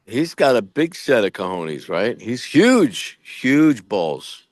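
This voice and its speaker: A man's voice: medium pitch, very animated, takes it slowly, dry recording, studio quality. A middle-aged man, an actor and podcast co-host, chatting casually and frankly, rambling with many restarts as he tells stories. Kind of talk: casual chat.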